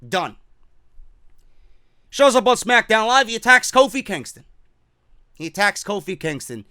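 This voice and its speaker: Brief: fired-up male ranter, bright high voice, dry close sound. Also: animated, unhurried, pauses often, dry recording. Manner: heated, profane, repetitive ranting; mocking quoted voices. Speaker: wrestling commentary host. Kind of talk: ranting opinion show.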